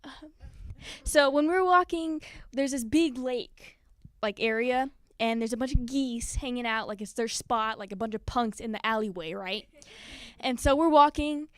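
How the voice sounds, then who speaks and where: A woman's voice: fairly high pitch, measured pace, no room sound. Nervous, giggly woman telling a story. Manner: nervous and giggly, with animated acted-out quotes. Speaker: spoken word performer. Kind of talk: personal story told live on stage. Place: stage at a live community event.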